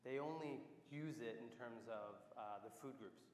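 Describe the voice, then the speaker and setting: A man delivers an academic conference talk and fields questions, pausing often with filler sounds. His voice carries through a roomy hall with a long reverb tail. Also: mid-range voice, a little mellow. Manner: hesitant, frequent "uh" fillers. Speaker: conference speaker. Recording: echoey hall.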